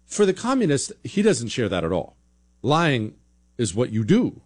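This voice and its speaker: Man, political talk host, lively pitch, blunt and sarcastic, mid-range voice. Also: normal speed, slightly rough. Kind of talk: opinionated political commentary.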